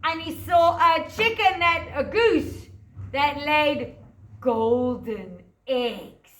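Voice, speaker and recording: A woman, a teacher telling a fairy tale to young children and guiding a craft, in a gentle sing-song voice that stretches words out. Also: high-pitched, roomy sound. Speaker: preschool teacher. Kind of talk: storytelling and craft lesson for children.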